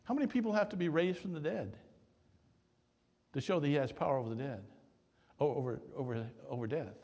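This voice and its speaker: A man's voice: fairly high pitch, brisk, mellow, big-room sound. A male pastor preaching conversationally, asking the congregation questions and retelling stories in dialogue. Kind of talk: sermon.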